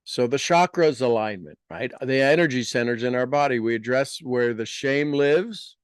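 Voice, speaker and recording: Earnest man leading slow spoken affirmations. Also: mid-range voice, expressive, smooth, dry recording, studio quality. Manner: slow, deliberate repetition of affirmations; earnest, explanatory delivery. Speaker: speaker guiding an audience. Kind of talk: motivational talk with guided affirmations.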